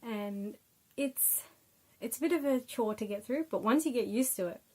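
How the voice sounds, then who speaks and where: A woman's voice: a little high, normal speed, mellow, low-quality recording. Chatty Australian woman reviewing a book. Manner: chatty, many fillers. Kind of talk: casual spoken review.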